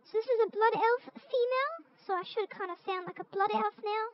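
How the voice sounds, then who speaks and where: A woman using a voice-changer filter to sound like a squeaky little female fantasy creature, chatting casually and unsure. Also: fairly quick. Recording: muffled lo-fi headset mic.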